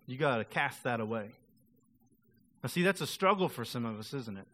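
A man's voice: medium pitch, normal speed, fairly bright tone. A male pastor preaching a sermon in a casual, conversational way, acting out quoted voices of the people he talks about.

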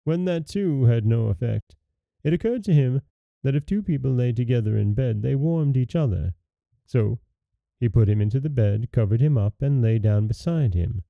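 Male storyteller host, gravelly mid-pitched voice, dry close mic, dull audio, faint music. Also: animated, moderate pace, no echo. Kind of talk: scripted storybook narration.

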